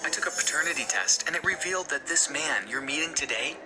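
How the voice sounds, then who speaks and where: A man voicing a distressed mother who pleads and apologizes, in an animated storytime video with music behind. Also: fairly high pitch, quick pace, noisy background, pitched above the performer's own voice, lightly acted. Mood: pleading. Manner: emotional, pleading. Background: background music.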